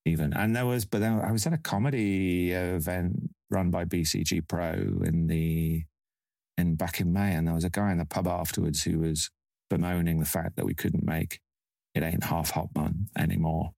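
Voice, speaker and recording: A man's voice: low voice, fairly even intonation, normal speed, vocal fry, darkish tone, no echo, studio quality. A man hosting a casual chat, musing and meandering as he recalls things. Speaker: podcast host.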